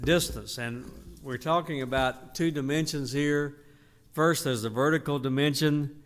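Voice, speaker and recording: An older man, teaching a Bible study in an unhurried, emphatic way. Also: mid-range voice, fairly bright tone. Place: church hall. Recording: reverberant church hall.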